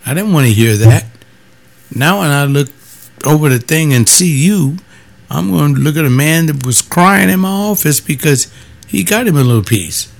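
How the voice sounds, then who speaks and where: A man who is a former pastor, telling stories in a blunt, emphatic casual monologue and jumping up in pitch when he quotes other people. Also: expressive, normal speed, gravelly.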